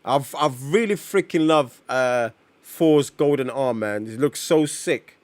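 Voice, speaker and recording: A man, chatting casually on a live stream while reading comics, slangy and excitable as he reacts to chat. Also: medium pitch, slow pace, no echo.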